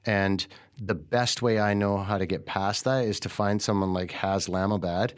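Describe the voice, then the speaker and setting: A man speaks in a casual podcast conversation, his voice sitting a little low. He is frank and earnest, drops swear words freely, and slips into other people's voices when he retells what they said. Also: fairly even intonation, normal speed. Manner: candid and earnest, swears freely, acts out quoted speech.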